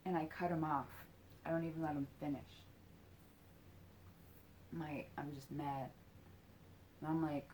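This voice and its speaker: A woman's voice: sits low, level tone, measured pace, long pauses, darkish tone, slight background noise. A woman in her forties tells an emotional personal story. She swears freely, her voice rises when she is angry and drops almost to a whisper. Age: 40s.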